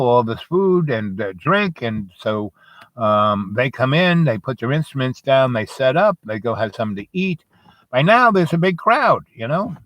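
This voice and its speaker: A man's voice: medium pitch, dry recording. A man telling a meandering story off the cuff, with many fillers and asides. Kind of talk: rambling spoken storytelling.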